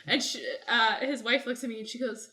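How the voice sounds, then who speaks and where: Bright, teasing young woman. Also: fairly high pitch, brisk. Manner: teasing, expressive. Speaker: podcast guest. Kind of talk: casual chat.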